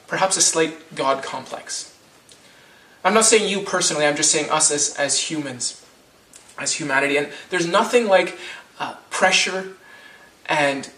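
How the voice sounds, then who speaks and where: A man's voice: fairly high pitch, sharp tone, reverberant, distant mic. A man in his thirties preaching a sermon as pastor, conversational, with frequent restarts and rhetorical questions.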